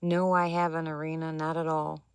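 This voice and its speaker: A woman's voice: deep voice, little pitch movement, normal speed, clear, resonant tone, dry recording, studio quality. A woman chatting casually with viewers on a livestream from an attic at home, laughing often and answering them by name. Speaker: livestream host reading viewer chat.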